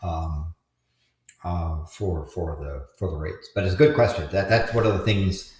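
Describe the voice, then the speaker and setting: Man, low voice, halting speech, lots of fillers, casual livestream co-host, echoey room. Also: a little mellow. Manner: halting, many restarts and fillers, joking asides. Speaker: co-host explaining volcano science.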